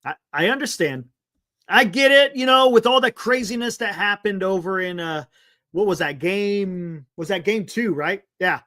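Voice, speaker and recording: A man's voice: high voice, normal speed, pushed and bright. A man hosting a live sports stream, chatting loosely, reading viewer comments and laughing often.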